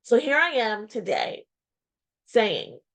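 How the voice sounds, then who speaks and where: A woman in her forties, a small business owner, talks candidly into a webcam. She is reflective and heartfelt, pausing often and repeating phrases. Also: a little high, sing-song, a bit bright. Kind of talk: candid personal vlog talk. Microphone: webcam or video-call mic.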